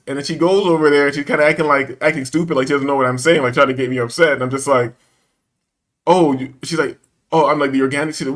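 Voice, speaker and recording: Fast-talking man telling a story. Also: fairly high pitch. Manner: animated storyteller, acts out quotes, laughs often; profane slangy banter. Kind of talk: casual storytelling chat.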